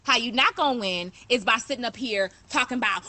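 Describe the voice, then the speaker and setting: A woman's voice: on the high side, brisk. A woman hosting a live online talk, speaking bluntly and with passion, repeating pointed rhetorical questions to her viewers. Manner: blunt and forceful.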